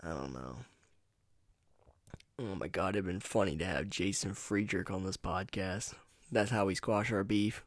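Unhurried and pausing often, this low-voiced North Carolina man runs a solo podcast from home. Into his USB microphone, he rambles casually, relaxed and profane.

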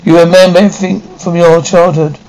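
Actress doing a gentle anxious mom, pleading, old 50s tv drama feel. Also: female voice, lowish voice, flat delivery, fast, lightly acted, poor audio. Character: doting, anxious mother. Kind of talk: 1950s TV drama acting.

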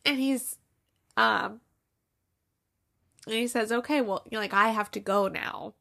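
A woman's voice: fairly high pitch, flat delivery, slow pace, creaky, long pauses, sharp tone. A woman casually recapping a holiday movie plot, acting out the lines as she goes and close to tears. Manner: chatty retelling, acts out quotes, fillers like "like". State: tearful, near crying. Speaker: podcast host reviewing movies.

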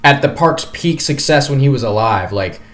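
A man's voice: mid-range voice, lively intonation, normal speed, a bit bright. A man co-hosting a podcast, telling a story in casual chat and rambling through many fillers and restarts. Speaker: podcast co-host.

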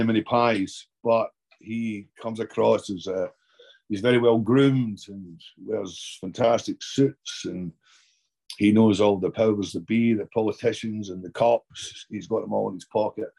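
A man's voice: on the low side, gravelly, a little mellow. A Scottish man chatting as an actor guest in an interview, rambling and often restarting his sentences. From Scotland. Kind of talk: casual interview chat.

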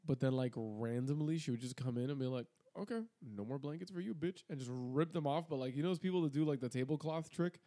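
A man's voice: mid-range voice, fairly even intonation, quick pace, few pauses, dark tone. A man co-hosting a podcast in casual chat, bantering and joking with a lot of profanity. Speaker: podcast co-host.

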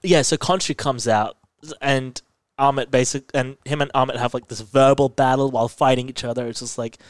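A man chatting casually as a podcast co-host, recapping a TV episode with loose, rambling energy and constant fillers. His voice sits at an ordinary middle pitch. The recording is close and dry, with no room echo. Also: a little fast, clean tone. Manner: rambling, filler-heavy, animated retelling.

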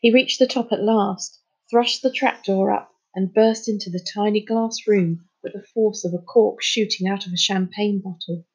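A woman reading a children's novel aloud in an expressive storytelling manner. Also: medium pitch, normal speed, few pauses, breathy edge, highs cut off. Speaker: storybook reader.

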